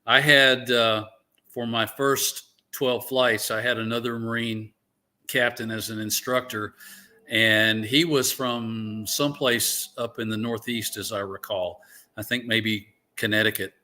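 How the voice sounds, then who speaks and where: An older man from Alabama, a veteran guest telling stories slowly, with "uh" pauses in an interview. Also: on the low side, fairly even intonation, pushed and bright. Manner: unhurried, drawn-out delivery with frequent "uh" pauses. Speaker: guest, veteran naval aviator. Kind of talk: relaxed storytelling interview.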